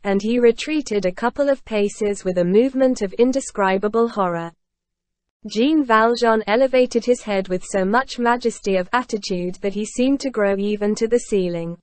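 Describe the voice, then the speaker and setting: A woman reading a classic novel aloud in steady, even scripted narration. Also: mid-range voice, moderate pace, dry recording. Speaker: audiobook reader.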